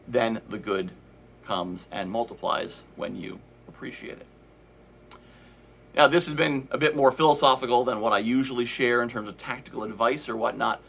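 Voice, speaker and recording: Bright husky man giving a pep talk. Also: medium pitch. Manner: earnest, conversational, acts out inner voices. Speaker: team leader giving an update. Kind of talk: motivational team talk.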